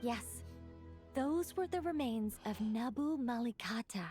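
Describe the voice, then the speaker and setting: A woman voicing a composed, scholarly female character in a video game, explaining things in a measured way. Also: fairly high pitch, expressive, dark tone, soft background music.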